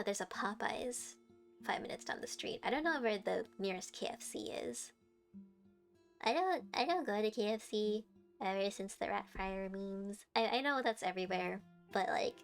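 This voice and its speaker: A woman's voice: medium pitch, creaky. A young woman streaming live, chatting casually and giggling as she answers her chat.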